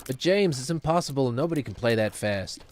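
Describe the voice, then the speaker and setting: A man's voice: mid-range voice, animated, brisk, darkish tone, slight background noise, lightly acted. A man doing an impression of a famous drummer in a whiny, pleading voice.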